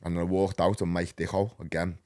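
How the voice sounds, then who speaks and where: A man in his thirties with a Liverpool accent, a podcast guest telling his story in a rambling, animated, slang-heavy way. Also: low-pitched, brisk. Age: 30s. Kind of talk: casual storytelling.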